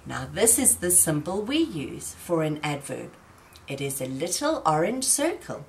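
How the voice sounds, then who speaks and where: A woman teaching young children in a gentle, patient way, often asking them questions. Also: low-pitched, sing-song, unhurried, creaky, a little hiss or hum. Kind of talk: slow children's lesson.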